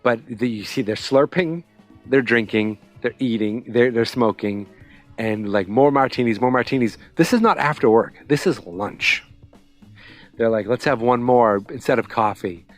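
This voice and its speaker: A podcast host with a mid-range voice recaps a TV episode at an unhurried pace, faint music playing behind him. He's chatty and sarcastic, leaning heavily on fillers and quoting characters' voices.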